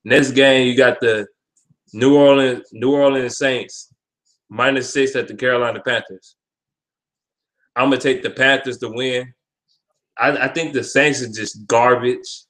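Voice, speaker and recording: A man of medium pitch gives his picks in a loose, off-the-cuff way. He talks bluntly, swears freely and trips over his words, restarting phrases and repeating himself as he makes his point. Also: steady tone, unhurried, long pauses, a bit bright, low-quality recording. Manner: blunt, profane trash talk with frequent repeats and restarts. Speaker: vlog host giving sports picks. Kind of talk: casual sports prediction talk.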